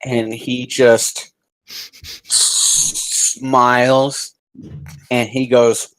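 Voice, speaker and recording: A man narrating and running a tabletop game as game master, in a calm, deliberate way. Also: mid-range voice, rough recording.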